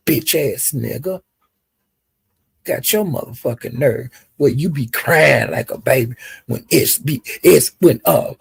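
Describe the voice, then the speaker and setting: Woman live-streaming, profane heated rant, husky gravelly voice, dry close sound. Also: a bass voice, no room sound. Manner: cursing, heated, drawn-out insults. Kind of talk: angry profane rant to viewers.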